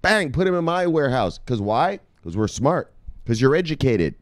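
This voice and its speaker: A man in the middle of his range delivers a fired-up, profane pep talk to his viewers. His pitch is lively and swings widely as he keeps punching in "bang". The recording is dry, with no room echo. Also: moderate pace. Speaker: crypto video host. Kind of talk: hyped pep-talk vlog.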